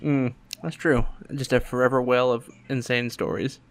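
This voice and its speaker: A man, telling a family story in casual chat and acting out the quotes in raised voices. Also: moderate pace. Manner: animated, acts out quotes in higher voices, laughs often. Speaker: podcast host.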